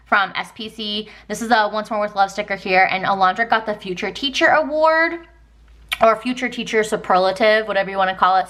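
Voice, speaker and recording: A woman's voice: mid-range voice, pushed and bright. A woman in her thirties from Texas, chatting casually through a planner flip-through with lots of ums and likes. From Texas, United States. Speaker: planner vlogger.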